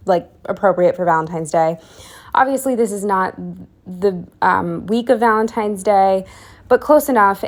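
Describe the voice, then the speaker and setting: A young woman narrating a planner video in a casual, rambling way, with fillers, restarts and self-deprecating asides, a bit out of breath. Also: lowish voice. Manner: drops to a whisper for asides. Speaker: planner vlogger. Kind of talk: casual voiceover.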